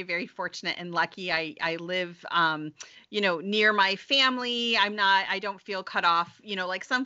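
A woman's voice: mid-range voice, pushed and bright, muffled recording. A middle-aged woman author being interviewed, chatting casually, laughing often and restarting her sentences. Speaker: author guest.

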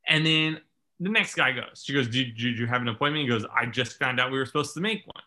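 Man, casual storyteller, lively quoted voices, bright and forceful tone. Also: medium pitch, fast talker. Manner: animated, self-mocking storyteller acting out quotes.

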